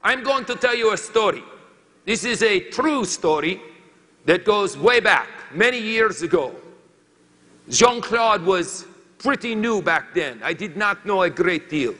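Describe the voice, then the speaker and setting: Man doing a comic French woodcutter, high-pitched and drawn-out, thick put-on accent, long hall reverb. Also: animated, bright, forceful tone, exaggerated voice. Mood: storytelling. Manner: halting, broken English, comic timing. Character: boastful French lumberjack man, comic storyteller.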